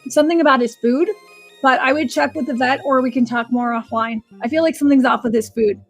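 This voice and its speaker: A psychic and animal communicator hosts a live reading stream, her voice high and brisk with fairly even intonation. She chats in a wandering way, often beginning her sentences again, while faint music plays behind.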